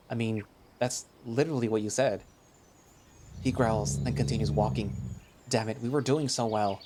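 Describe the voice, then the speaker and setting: A man with a mid-range, somewhat mellow voice narrates a visual novel in the first person at a moderate pace, with slight background noise. His narration is casual and chatty but becomes hesitant during dialogue.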